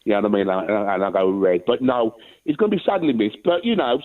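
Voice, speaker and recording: A man's voice: on the low side, fast talker, hardly any pauses. Guy ringing in, rambling and cheeky, sounds far off and muffled on the line. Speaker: caller. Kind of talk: casual phone-in chat. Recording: muffled distant phone line.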